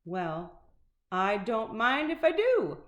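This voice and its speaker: A woman's voice: a little high, big pitch swings, slow. A woman reading aloud and voicing a playful, curious male dog in an eager, cheeky tone. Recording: roomy echo.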